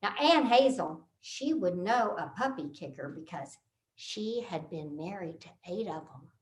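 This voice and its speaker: A woman from Texas delivers a humorous speech, swooping high and low with animated, punchline-driven timing. She speaks slowly and leaves deliberate pauses before each payoff. Her voice rings through a roomy, echoey space. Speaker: contest speaker.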